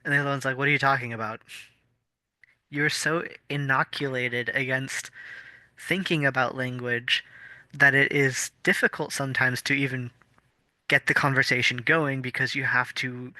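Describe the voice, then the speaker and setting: Bright, dry-sounding male podcast host. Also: mid-range voice, steady tone, moderate pace, no echo. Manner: explanatory, thoughtful, with fillers and restarts. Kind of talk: casual chat.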